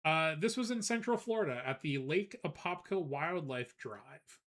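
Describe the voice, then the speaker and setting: A man streaming live chats casually, telling a rambling, animated story punctuated by frequent laughs. His voice is fairly high-pitched at a normal speed, and he greets chat viewers between anecdotes.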